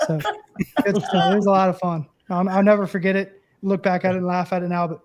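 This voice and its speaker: Man, high-pitched, thirties, interview guest, animated storyteller, casual chat. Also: fast, background noise. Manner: animated storyteller, acts out quoted voices. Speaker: former catcher and broadcast analyst guest.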